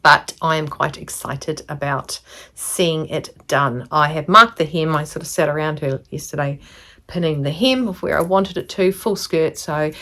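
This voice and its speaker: A woman's voice: on the low side, bright, forceful tone. A woman craft vlogger chatting casually to camera, rambling with lots of ums. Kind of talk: casual sit-down chat to camera.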